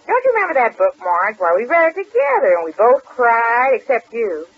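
A woman's voice: a little high, big pitch swings, brisk, breathy edge. An actress playing a chatty, scatterbrained wife who rambles and mangles her words, in 1930s radio comedy acting. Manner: rambling, malaprop-prone, sing-song delivery. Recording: muffled old radio recording.

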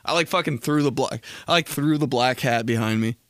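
A young man holds forth on his own podcast, cursing freely and wandering from story to story as he acts out little voices. His voice sits at an ordinary middle pitch, and the sound is close and dry with no room around it. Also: a little fast, a bit bright, dry recording. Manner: rambling, profane storytelling with impressions. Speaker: podcast host. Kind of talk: casual solo comedy podcast.

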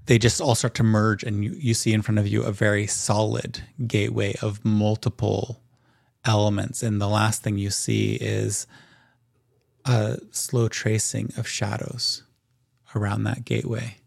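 A man narrating a tabletop game as game master in a calm, descriptive way. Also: fairly low pitch, measured pace, gravelly, dry recording, studio quality.

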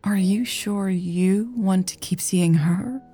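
A woman voicing a tender, protective young woman in love, softly and often in a whisper, while reading an audiobook. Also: mid-range voice, takes it slowly, slightly rough, pitched above the performer's own voice. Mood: tender, worried. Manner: soft, often whispered delivery.

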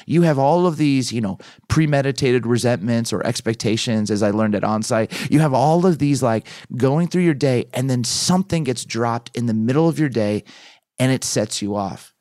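A man's voice: medium pitch, normal speed, dry recording. A man in his thirties, a pastor and author, telling a story as a guest on a podcast. His voice sits in a middle register and is recorded close and dry. He plays out the scenes as he talks. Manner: animated storyteller who acts out his own past lines.

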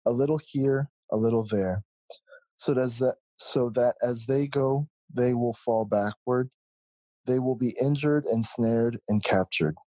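A man reading a scripture passage aloud in a steady, measured way. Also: mid-range voice, dry recording, poor audio.

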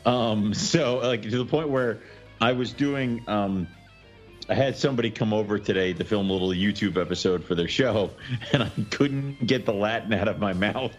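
A man's voice: lowish voice, normal speed, faint music behind. A young man co-hosting a casual podcast, joking, swearing freely and laughing often. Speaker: podcast co-host.

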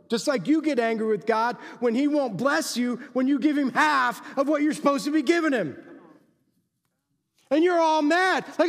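A man preaching a sermon as pastor, emphatic, swinging from loud exhortation to quiet asides. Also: very high-pitched, expressive, unhurried, long reverb tail.

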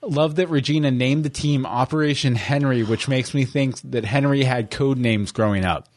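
A man's voice: medium pitch, normal speed. Male podcast co-host, casual and jokey, stumbles through listener mail. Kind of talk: casual fan podcast chat.

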